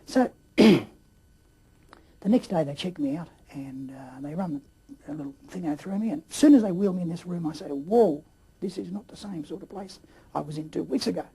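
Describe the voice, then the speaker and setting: A man telling his story in a rambling way, with many fillers and throat clearing. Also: sits high, a little fast, warm tone. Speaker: interview guest. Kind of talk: casual storytelling.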